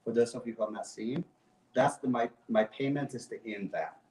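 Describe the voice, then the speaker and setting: A man's voice: mid-range voice, a little fast, dark tone, distant mic. Man, passionate, emphatic, repetitive, echoey room, set back from the mic. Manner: passionate, emphatic, repeats phrases. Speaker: guest activist. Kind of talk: impassioned talk show speech.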